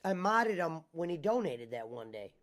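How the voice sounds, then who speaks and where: Man, high-pitched, casual livestream chat, reads viewer comments aloud. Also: big pitch swings, normal speed, a bit bright. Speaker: stream host.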